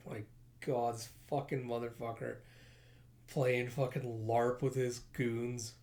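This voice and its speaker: A man's voice: mid-range voice, level tone, takes it slowly, a little mellow. A man casually reading a comic aloud and commenting, swearing a lot and adding mouth sound effects. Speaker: comic reader and reviewer. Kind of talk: casual comic book readthrough.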